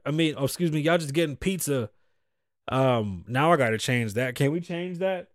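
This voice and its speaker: A man on a talk show delivers an animated, profane rant, his slightly high voice swinging from loud outbursts to muttered asides. The sound is dry and close to the mic. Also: normal speed, no room sound. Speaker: podcast host. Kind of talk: casual commentary rant.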